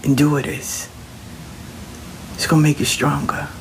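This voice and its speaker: A man's voice: a little high, flat delivery, a little slow, vocal fry, a little hiss or hum. A man giving a casual, colloquial spiritual pep talk, reassuring the listener and repeating his phrases. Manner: colloquial, slangy. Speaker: motivational speaker.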